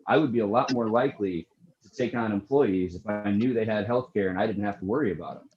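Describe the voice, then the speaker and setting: An American entrepreneur joining a casual video-call chat, speaking earnestly and steadily. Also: male voice, fairly low pitch, a little fast, a little mellow. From United States. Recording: lo-fi call audio with faint noise.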